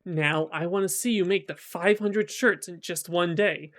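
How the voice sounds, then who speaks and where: A man's voice: high voice, unhurried, fairly bright tone. A man voicing a gushing, commanding queen mother in a retold folk tale. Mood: demanding. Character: bossy royal queen mother, older woman.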